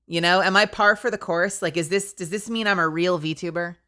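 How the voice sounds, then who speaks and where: A woman's voice: lowish voice, brisk. A young woman streaming as a VTuber, chatting casually and rambling with lots of "like", her nose stuffy. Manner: chatty, rambling, animated, fillers of "like".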